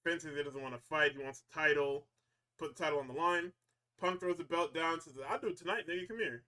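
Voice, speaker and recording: On a podcast, a slightly high-voiced man rattles quickly through a wrestling recap, loose and profane. He laughs often, gets worked up, and performs the wrestlers' lines.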